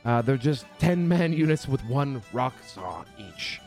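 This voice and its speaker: Man doing a comic put-on Irish brogue, animated and pitched up, faint music under. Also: a little slow. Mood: hammy. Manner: hammy, stumbling list reading. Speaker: podcast host.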